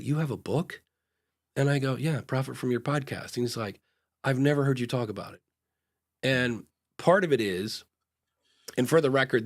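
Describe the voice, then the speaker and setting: A man co-hosting a live podcast advice show, talking frankly in a loose, casual way with fillers and restarts, and acting out short dialogues in different voices. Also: mid-range voice. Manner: acts out little back-and-forth dialogues in changing voices. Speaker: podcast consultant and co-host.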